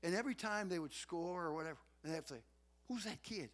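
A middle-aged man preaching a sermon to his congregation in a folksy, animated way. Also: a little high, racing. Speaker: pastor.

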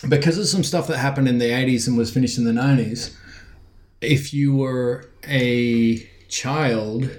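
A man's voice: mid-range voice, fairly even intonation, measured pace, darkish tone. Man talking casually in an echoey room. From born outside the US. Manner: rambling, frequent fillers and restarts. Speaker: podcast co-host. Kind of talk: casual chat.

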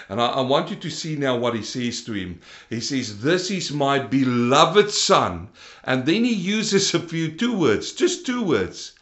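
A man preaching a sermon, swinging between loud rising emphasis and low, quiet passages. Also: roomy sound.

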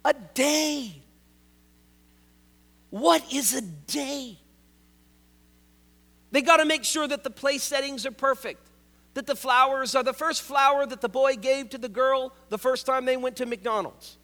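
A man's voice: very high voice, fairly even intonation, normal speed, bright, forceful tone. A male pastor preaching a sermon, conversational and joking, who drives points home by repeating key words. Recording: long reverb of a large hall.

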